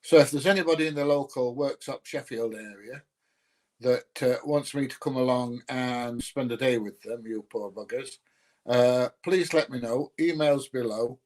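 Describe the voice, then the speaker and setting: A man's voice: mid-range voice, moderate pace, a little mellow. Rambling South Yorkshire man chatting live. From North Nottinghamshire, England. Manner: rambling, with many ums and uhs; friendly, greets viewers by name. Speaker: YouTuber greeting live chat. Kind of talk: casual live stream chat.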